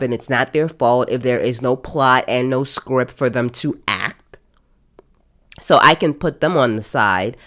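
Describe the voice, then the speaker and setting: Low slow-talking woman podcaster, annoyed ranty vibe, repeats herself for emphasis. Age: adult. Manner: exasperated, ranting, emphatic repetitions. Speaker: podcast host. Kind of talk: casual review podcast.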